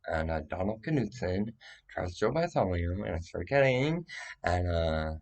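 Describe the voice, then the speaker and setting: Gravelly low-voiced man ranting. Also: sing-song, normal speed. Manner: rambling, profane and agitated, jumping between claims. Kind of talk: rambling monologue to camera.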